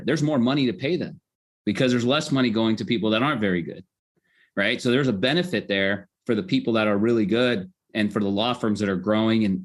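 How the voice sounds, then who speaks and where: A middle-aged man, a guest on a podcast, explaining his legal technology in a conversational, upbeat way and often checking in with "right?". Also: on the low side. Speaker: legal tech founder, guest.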